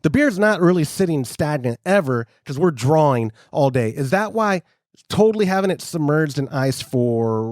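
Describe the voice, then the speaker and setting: Man, podcast co-host, animated and rambling, self-mocking; dry close sound. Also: fairly high pitch, no room sound. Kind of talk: casual chat.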